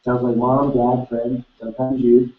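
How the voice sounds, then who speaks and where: A man leading a live seminar, energetically quizzing the audience with quick questions. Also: medium pitch, completely flat delivery, slight background noise. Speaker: seminar speaker. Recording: echoey hall, distant mic, dull sound.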